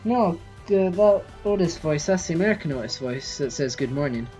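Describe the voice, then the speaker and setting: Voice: medium pitch, expressive, moderate pace, a little mellow, soft background music, poor audio. A streamer chatting casually while playing a building game, reading and answering viewers in chat. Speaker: live-streamer. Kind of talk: casual gameplay live stream.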